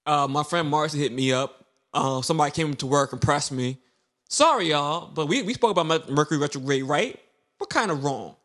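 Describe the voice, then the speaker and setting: Podcast co-host, young man, slangy and playful, fairly high-pitched. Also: brisk. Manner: animated, joking, slangy. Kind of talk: casual chat.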